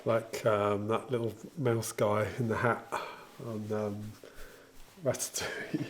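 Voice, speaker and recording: Demonstrating the kitchen gear he loves, this male home baker jokes and chats with enthusiasm. His mid-range voice is steady and slow, with background noise present.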